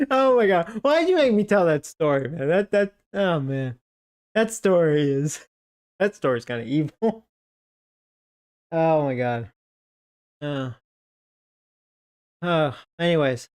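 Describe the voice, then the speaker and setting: A man telling a story on a game stream, slow and unhurried. His voice is smooth and clear. He rambles and swears freely, filling his talk with "like" and breaking into laughter. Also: fairly high pitch, expressive, darkish tone. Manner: profane, rambling, full of "like" fillers. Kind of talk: casual storytelling chat.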